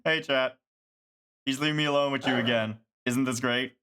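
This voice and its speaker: A man chatting casually on a live stream, rambling and animated, swearing casually. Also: medium pitch, normal speed, a little hiss or hum.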